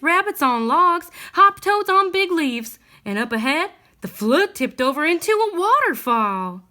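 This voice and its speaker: A woman reading a bedtime story aloud in a gentle, expressive way. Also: high-pitched.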